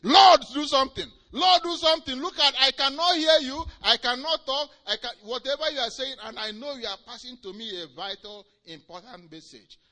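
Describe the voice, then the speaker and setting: A man acting out a panicking, desperate man crying out to God, pleading and shouting. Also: extremely high pitch, brisk, hardly any pauses, voice pushed up. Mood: frantic pleading.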